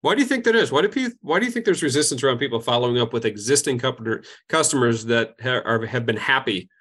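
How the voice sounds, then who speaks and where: A man's voice: mid-range voice, animated, fast talker, a bit bright, slightly rough. A man co-hosting a podcast interview, asking probing questions with brief affirmations. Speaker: podcast co-host.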